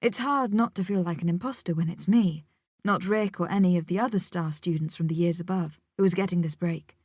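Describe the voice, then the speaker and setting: A woman narrating a first-person audiobook in a measured, reflective way, with a close studio mic. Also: on the low side, darkish tone, no room sound.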